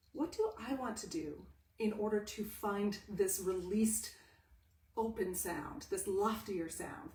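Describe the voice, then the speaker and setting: A woman voice teacher giving a live-streamed talk at home, animatedly asking and answering her own questions. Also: a little high. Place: home room with a pet cat. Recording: echoey room, distant mic.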